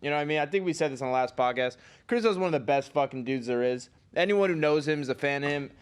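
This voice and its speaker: A man's voice: on the high side, quick pace, smooth. A man, a fighter guest, bantering on a casual podcast. He jokes, swears freely and keeps asking "you know what I mean".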